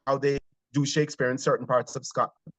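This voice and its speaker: A man from Jamaica with a Jamaican accent, a theater actor telling stories in an interview, animated but hesitant. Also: mid-range voice, brisk, no room sound, poor audio. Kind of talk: conversational interview.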